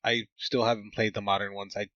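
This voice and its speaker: A man's voice: on the low side, flat delivery, a little fast, pushed and bright, dry recording. A man casually recapping a movie on a podcast, joking with exasperated asides. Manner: jokey, exasperated asides, frequent laughs. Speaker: podcast host. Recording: dull lo-fi dry sound.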